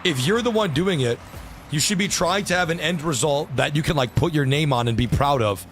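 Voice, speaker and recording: Brief: young male streamer, a bit high-pitched, frustrated ranting, heavy swearing. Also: fairly quick, fairly bright tone, a little hiss or hum. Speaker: game streamer. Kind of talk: live gameplay stream chat.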